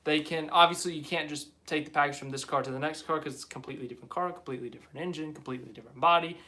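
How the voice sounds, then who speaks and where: A man's voice: fairly high pitch, pushed and bright. A young man hosting a live stream, chatting casually and rambling as he reads viewer comments aloud. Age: young adult.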